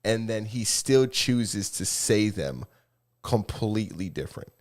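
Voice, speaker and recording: Brief: young male podcast co-host from New York, casual banter, animated and restless delivery. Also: lowish voice, unhurried. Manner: animated, rambling opinions with many restarts. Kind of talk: casual chat.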